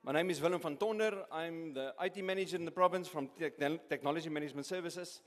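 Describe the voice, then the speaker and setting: A man's voice: a little high, fairly bright tone. A man running a charity auction at an awards evening, cracking jokes and often stopping to restart his words. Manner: jokey, halting with many restarts and repeats. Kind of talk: live event MC, joking auction patter. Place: large event hall. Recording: echoey hall.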